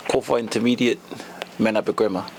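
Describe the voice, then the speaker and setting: A man with a New Zealand accent, a police officer guesting on a podcast, telling his story haltingly with many fillers. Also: fairly low pitch, steady tone. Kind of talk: casual chat.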